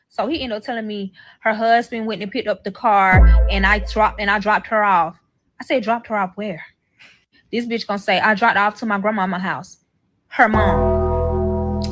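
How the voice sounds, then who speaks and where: A young woman telling a profane story in a casual story-time video, and acting out what the other people said. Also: mid-range voice. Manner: animated, profane, acts out the other people's lines. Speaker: storyteller in a played clip.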